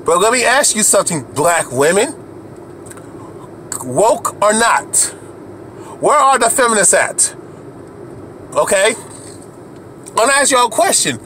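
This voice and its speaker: Man, heated profane rant, high voice, faint background noise, repetitive restarts. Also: big pitch swings, slow pace, long pauses, sharp tone. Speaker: video commentator. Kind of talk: angry profane rant to camera.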